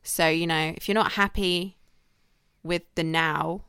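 A woman's voice: fairly low pitch, fairly even intonation, unhurried, sharp tone, clear, resonant tone, no echo, studio quality. A young woman co-hosting a podcast, talking candidly in a casual, chatty way with frequent "like". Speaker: podcast co-host.

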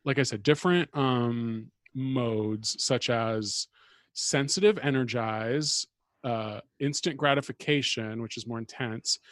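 A man of middle pitch chats casually with a co-host, wry and full of little hedges. The sound is dry and close, with no room around it. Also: slow pace, fairly bright tone, no echo. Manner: chatty, wry, hedging with fillers. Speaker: podcast co-host. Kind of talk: casual chat.

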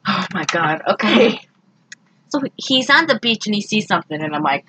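A woman co-hosting a casual podcast, recapping a movie in an animated, exasperated way. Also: mid-range voice, normal speed, breathy edge, no room sound, low-quality recording. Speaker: podcast co-host.

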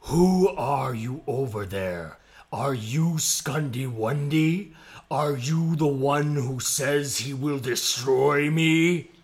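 A man voicing a huge, angry male stone giant in a storybook reading, with a gravelly, slow growl. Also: mid-range voice. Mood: menacing growl.

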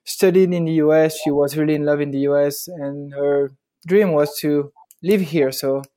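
Mellow-voiced French man in his thirties. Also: a little high, steady tone, moderate pace. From France. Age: 30s. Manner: hesitant, searching for words. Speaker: guest wedding photographer. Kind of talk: casual interview answers.

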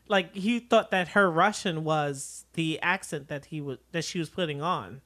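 A woman with a somewhat low voice retells scenes in easygoing casual chat. She keeps her tone soft and level. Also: normal speed, hardly any pauses. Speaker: podcast co-host.

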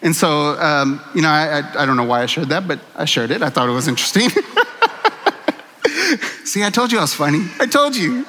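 High, bright-voiced preacher in a reverberant hall. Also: male voice, animated, fast, a little hiss or hum. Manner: earnest, candid, self-deprecating humor. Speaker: pastor. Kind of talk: conversational sermon.

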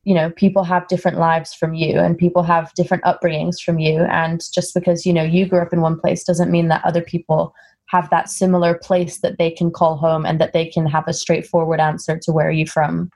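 A woman from Singapore with an American-sounding accent, speaking as an interview guest in a relaxed, thoughtful way, often pausing with fillers. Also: lowish voice. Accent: American-sounding English. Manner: thoughtful, frequent "um" fillers, acts out quoted exchanges. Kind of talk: casual conversational interview.

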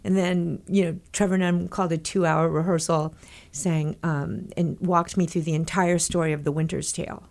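A middle-aged woman from Texas, a guest telling a long anecdote in animated bursts, quoting people as she goes. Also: on the low side, normal speed, vocal fry, hardly any pauses. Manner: animated, breathless anecdote-telling with quoted dialogue. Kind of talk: conversational storytelling.

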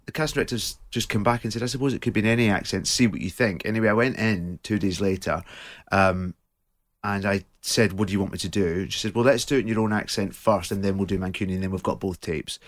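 A Glaswegian actor, guesting on a studio radio interview, tells stories in a chatty way full of laughs and fillers. His voice is lowish and a little fast, with no room sound.

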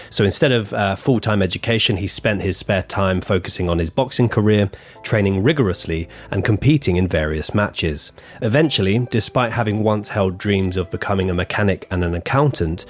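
A man co-hosting a true-crime podcast, reading his script with offhand asides and banter. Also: on the low side. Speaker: podcast co-host.

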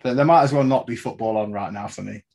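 A man's voice: on the low side, fast, gravelly, a little mellow. A young man hosting a casual football podcast, chatting in a laid-back way with plenty of swearing. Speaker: podcast host. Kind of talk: casual chat.

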